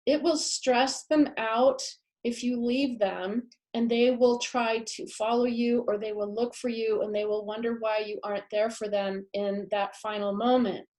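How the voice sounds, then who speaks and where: A woman's voice: fairly high pitch, steady tone, unhurried, darkish tone. A woman giving a live masterclass talk on pets and the afterlife, earnest and emphatic, often repeating her key phrases. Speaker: pet afterlife speaker.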